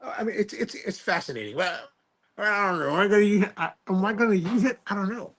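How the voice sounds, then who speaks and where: Guy hosting a live chat at home, gravelly and a bit husky, kinda high voice, rambles and restarts. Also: expressive, fast talker, fairly bright tone. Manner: rambling and self-deprecating, with trailing restarts. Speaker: livestream host. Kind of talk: casual chat, reading viewer comments aloud.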